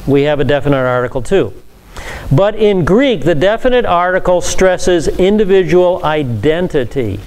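A man's voice: high voice, lively intonation, moderate pace, darkish tone, smooth. A pastor leading a Bible study, explaining scripture to a class in a conversational teaching manner with asides to his listeners.

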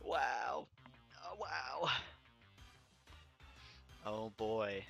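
A man's voice: mid-range voice, lively intonation, drawn-out words, creaky, fairly bright tone, soft background music. A man streaming a video game live, overexcited and shaking, exclaiming and laughing between apologetic rambles into a clipping desk mic. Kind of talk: live gaming stream commentary. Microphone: desk microphone, audio clipping.

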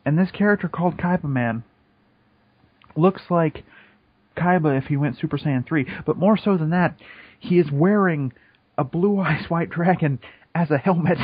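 A man's voice: fairly high pitch, normal speed, long pauses, slightly rough, no room sound. A young man co-hosting a podcast, talking in a profane, laid-back, joking way. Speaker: podcast co-host. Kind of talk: casual chat. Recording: dull lo-fi podcast audio.

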